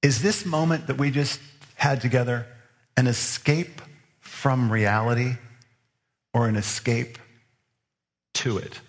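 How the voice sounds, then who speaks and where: A man preaches as pastor in a mid-range voice, taking it slowly with long pauses. Earnestly, he keeps pressing his listeners with repeated questions. The sound rings with a large hall's long reverb.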